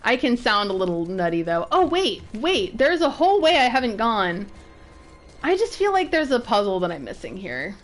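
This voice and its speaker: A woman with an alto voice, chatting excitably and giggling as she streams herself playing a video game. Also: a little high, normal speed. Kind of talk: casual let's-play commentary. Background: game music.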